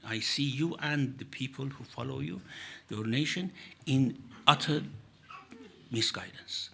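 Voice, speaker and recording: A man lecturing on scripture, his voice gravelly and a little husky. The tone is bright and edged. He pauses and restarts often, then rattles off recited verses at speed before translating them. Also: mid-range voice. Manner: explains in English, quickly recites Arabic verses then translates; halting, with restarts and fillers. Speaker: religious lecturer. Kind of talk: Quran exegesis lecture.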